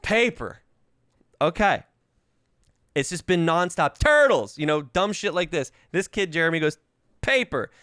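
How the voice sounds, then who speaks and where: A man's voice: fairly high pitch, normal speed, hardly any pauses, clear, resonant tone, dry recording, clean studio sound. A man in his thirties hosting a podcast, telling stories in casual, profane chat, ill with covid and coughing. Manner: profane, animated, mimics voices in quotes. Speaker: podcast host. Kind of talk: casual comedic storytelling.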